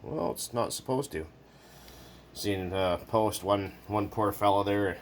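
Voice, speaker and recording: A man's voice: lowish voice, slow, a little hiss or hum. A man chatting casually and jokingly while working at his bench, rambling and swearing now and then. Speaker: hobbyist video maker. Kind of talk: casual workshop chat.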